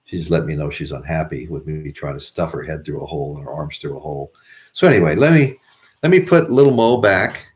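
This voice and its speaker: A man's voice: extremely low pitch, lively intonation, fast talker. An American man, middle-aged, chatting casually to his viewers in a rambling way with many restarts. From United States. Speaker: vlogger. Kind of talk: casual chat to camera.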